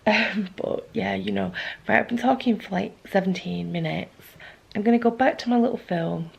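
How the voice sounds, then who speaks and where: A young woman, chatting to camera in a vlog and retelling a story in a gossipy, animated way. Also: mid-range voice, normal speed, gravelly, husky, dull audio. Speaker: vlogger.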